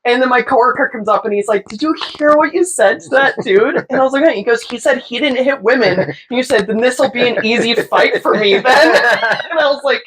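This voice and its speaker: A woman's voice: fairly high pitch, fairly quick, few pauses, husky, low-quality recording. A young woman, a tattoo artist, casually telling a story, swearing freely and acting out the voices of the people in it. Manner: animated, swearing, mimics voices in her stories.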